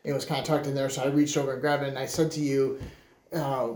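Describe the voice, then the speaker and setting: A man hosting a casual family chat, telling a reflective story with gentle emphasis. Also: mid-range voice, level tone, fast. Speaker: podcast host. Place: home room with family. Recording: roomy echo.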